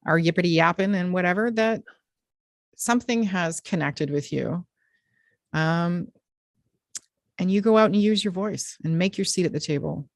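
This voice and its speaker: A woman's voice: fairly low pitch, no room sound, clean studio sound. A woman hosting a podcast, talking in a frank, direct and emphatic way in candid conversation. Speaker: podcast host.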